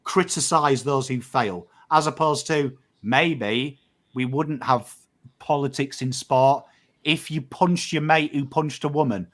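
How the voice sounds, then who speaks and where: A man's voice: medium pitch, slow pace, a bit bright. An emotive Australian man co-hosting a casual podcast, talking emphatically, swearing freely and acting out what he tells his mates. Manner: acts out quotes of mates in conversation. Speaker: podcast co-host.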